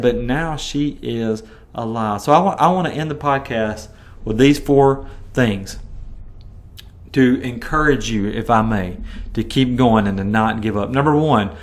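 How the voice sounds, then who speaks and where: A man hosting a podcast, teaching a Bible passage in an informal, conversational way and breaking into animated quoted voices. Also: medium pitch. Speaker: podcast host teaching scripture.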